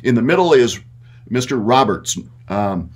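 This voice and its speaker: A man's voice: mid-range voice, animated, a little slow. A middle-aged man with a mid-range voice, chatting casually as an interview guest. He talks in loose, rambling runs and leans on fillers as he goes. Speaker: guest, puppet maker.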